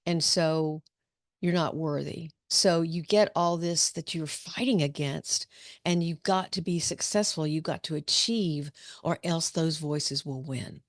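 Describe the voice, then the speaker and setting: Casting: middle-aged woman psychologist, low gravelly voice, chatty storyteller. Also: measured pace, no echo, studio quality. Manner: conversational, storytelling with restarts. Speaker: psychologist leading a discussion. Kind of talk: informal talk to students.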